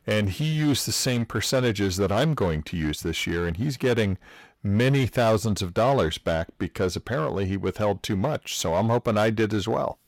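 A man's voice: lowish voice, animated, moderate pace, no echo. Dry-voiced man in his forties. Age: 40s. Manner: joking, puts on silly voices. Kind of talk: casual banter.

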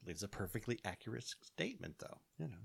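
A man's voice: fairly low pitch, very animated, fast, creaky, fairly bright tone, husky. A man in casual chat, teasing his co-hosts with playful banter.

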